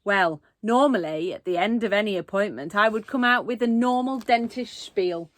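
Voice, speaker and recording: A woman's voice: medium pitch, normal speed, no room sound, natural voice. A woman reading aloud and voicing a creepy, falsely sweet female dentist who calls herself Mummy. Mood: sickly sweet. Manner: falsely sweet, mock-polite.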